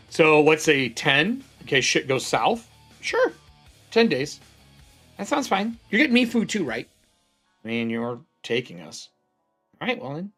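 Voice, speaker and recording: A man's voice: a little high, fairly bright tone, husky. A man playing a tabletop game solo, narrating casually and thinking aloud as he counts supplies and swears freely.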